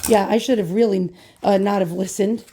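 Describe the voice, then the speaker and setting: Hoarse woman in a profane rant. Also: medium pitch, fairly even intonation, moderate pace, warm tone, slight background noise. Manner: exasperated, profane ranting. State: hoarse, lost her voice. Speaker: vlogger unboxing purchases. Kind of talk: unscripted rant vlog.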